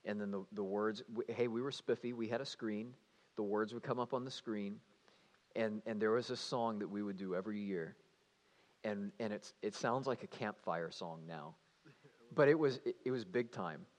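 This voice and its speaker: A man, a youth pastor telling stories in a lively, animated sermon, swinging between playful and hushed. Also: fairly low pitch, moderate pace. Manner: animated storyteller, shouting and mimicking for comic effect. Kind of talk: storytelling sermon. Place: church hall. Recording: reverberant church hall.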